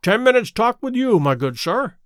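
Man reading as a calm, assured detective. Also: extremely high pitch, moderate pace, clean tone, dry recording, studio quality, pitched above the performer's own voice, exaggerated voice. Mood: cool. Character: sharp, calm, self-assured male detective.

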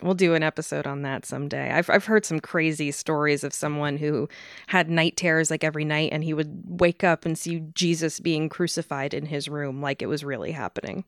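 A woman on a podcast chatting casually and trading quick asides. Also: low voice, dry recording, clean studio sound. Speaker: podcast co-host. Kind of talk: casual chat.

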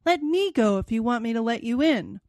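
A woman reading the part of a frightened male gentleman guest, with fearful outbursts. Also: fairly high pitch, lively intonation, normal speed, no echo, clean studio sound, lightly acted.

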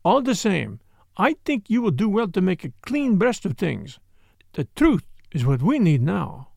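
A man voicing a clever older male detective who speaks gently and courteously. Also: sits high, very animated, a little slow, gravelly, husky, no room sound, studio quality, heavily acted. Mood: gentle.

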